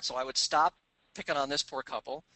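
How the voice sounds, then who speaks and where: A middle-aged man giving a business talk, telling stories and acting out the dialogue in quick voices. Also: medium pitch, fairly even intonation, bright, forceful tone, no room sound, poor audio. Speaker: business speaker. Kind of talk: recorded seminar talk.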